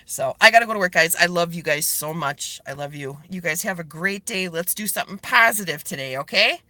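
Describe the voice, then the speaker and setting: Woman, livestream chat, earnest, pleading, lively up-and-down pitch, bright voice. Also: fairly quick, no echo. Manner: earnest, pleading, speaks directly to viewers. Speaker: livestreamer addressing her online group. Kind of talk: casual live video chat, reading viewer comments.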